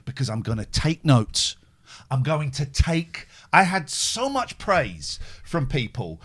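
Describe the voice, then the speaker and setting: A man's voice: medium pitch, big pitch swings, a little slow. A man hosting a podcast, chatting casually and mocking himself as he jumps from one tangent to the next. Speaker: podcast host. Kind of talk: casual chat.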